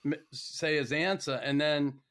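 A man's voice: a little high, fairly even intonation, unhurried, a bit bright. A man with a Boston accent hosting a podcast interview, asking questions in a laid-back, rambling way. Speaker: podcast host.

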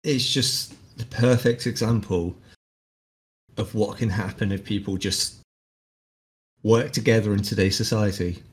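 An easygoing young man chats as a podcast co-host and laughs easily. His voice sits a little low. He sounds relaxed and friendly. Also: measured pace, long pauses. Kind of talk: casual podcast chat.

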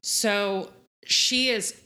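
A woman's voice: mid-range voice, steady tone, extremely slow, bright, forceful tone, clean tone. A woman co-hosting a podcast, chatting casually and animatedly as she retells scenes. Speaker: podcast co-host. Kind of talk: casual recap chat.

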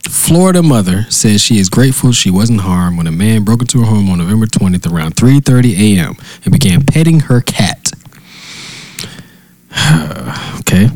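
A man's voice: fairly low pitch, animated, normal speed, a little mellow, no room sound, poor audio. A man co-hosting a casual chat, reading a news story aloud with joking asides. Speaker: podcast co-host.

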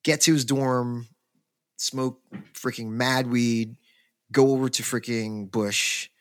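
A man, a podcast co-host, telling a long story in casual chat, rambling and animated with many fillers and restarts. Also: medium pitch, slow, dry recording, studio quality.

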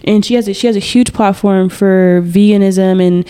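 A woman hosting a podcast in relaxed, casual conversation. Her voice is warm and mellow, and she talks candidly and chattily, with plenty of slang. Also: medium pitch, normal speed, clear, resonant tone. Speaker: podcast host. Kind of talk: casual chat.

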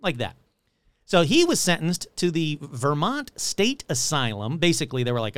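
A man hosting, telling eerie local history casually with animated, jokey asides. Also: on the high side, normal speed, clean tone, no room sound. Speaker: host. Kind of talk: casual paranormal storytelling.

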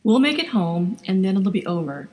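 A woman gives voice to a stubborn husband who insists flatly and curtly. A long hall reverb hangs behind the voice. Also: medium pitch, moderate pace, natural voice. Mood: tense, stubborn. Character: stubborn calm husband driving.

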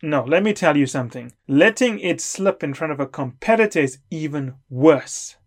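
Emphatic man lecturing, fairly high voice. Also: expressive, moderate pace. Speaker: consulting coach. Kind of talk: lecture to camera.

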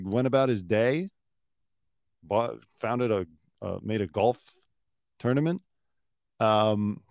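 Male host, sarcastic news riffing, mid pitch, dry close sound. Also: no echo. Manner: sarcastic, mocks pundits in put-on mopey voices. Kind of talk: casual news commentary.

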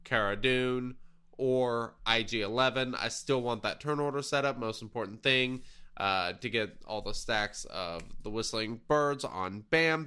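A man hosting a casual gaming podcast, talking in a relaxed, rambling way with plenty of fillers. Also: medium pitch, smooth. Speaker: podcast host.

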